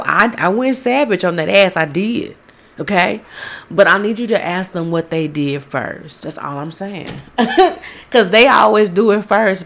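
Slow-talking woman podcast host. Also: lowish voice. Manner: loud, profane, laughs often, gushing to listeners. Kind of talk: casual podcast monologue.

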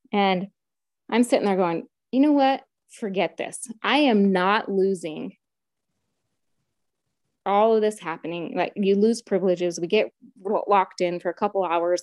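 A woman's voice: fairly low pitch, a little mellow, no room sound, studio quality. A middle-aged woman telling her own story in casual conversation, retelling events vividly and acting out quotes.

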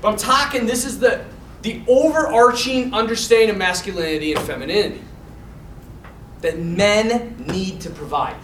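A man giving a casual, animated Bible teaching to a class, talking loosely with fillers and restarts. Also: high voice, moderate pace, roomy sound, far from the mic, a little hiss or hum, poor audio. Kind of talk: casual teaching talk to a mixed group.

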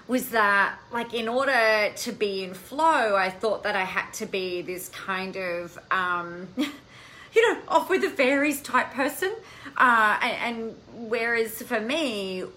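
A woman hosting a casual live stream, talking in an animated, chatty way and swearing now and then. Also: mid-range voice, rough recording. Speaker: coaching podcast host.

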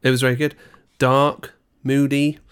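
A man's voice: mid-range voice, flat delivery, a little slow, fairly bright tone, clean tone. A man co-hosting a casual chat, teasing his partner and asking questions. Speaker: podcast co-host.

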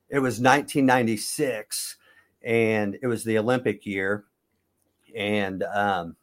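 A man in his fifties from Kansas, a former wrestler telling long stories in a casual interview, often correcting himself as he goes. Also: mid-range voice. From Kansas, USA. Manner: rambling, self-correcting storyteller.

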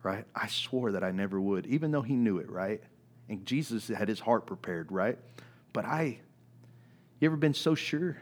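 Animated man preaching a sermon. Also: normal speed. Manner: animated, swinging between loud emphatic peaks and quiet, low passages; conversational, with frequent "right?" and "man". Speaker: pastor.

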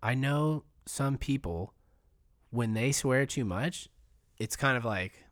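A man chatting casually and candidly, swearing freely and getting animated as he explains his point. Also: mid-range voice, takes it slowly, no echo, clean studio sound. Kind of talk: casual chat.

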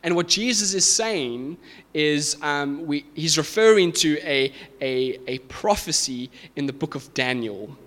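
A man's voice: on the high side, animated, unhurried, a bit bright. A man preaching a sermon to a congregation, explaining scripture with emphatic, rising intensity. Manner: emphatic, builds to raised fervent peaks. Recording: reverberant hall.

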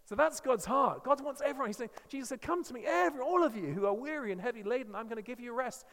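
English man, earnest emphatic sermon, high voice, long church reverb. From England. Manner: earnest and emphatic, with frequent restarts. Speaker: guest preacher.

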